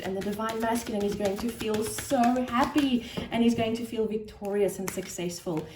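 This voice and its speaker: A woman giving a spiritual tarot card reading, soft-spoken and thinking aloud with gentle pauses. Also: medium pitch. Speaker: tarot reader. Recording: roomy echo with faint noise.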